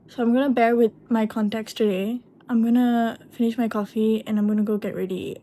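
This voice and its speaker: A young woman with a Malaysian English accent, talking to camera in a chatty, expressive vlog. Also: a little high, a little hiss or hum. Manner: chatty and expressive, swings between mumbled and excited. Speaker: vlogger. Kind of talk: casual vlog talk to camera.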